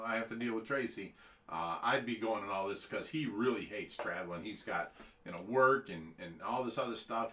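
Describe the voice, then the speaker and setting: A man's voice: mid-range voice, fairly bright tone, echoey room. A middle-aged man hosting a casual livestream, rambling and laughing often. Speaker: host.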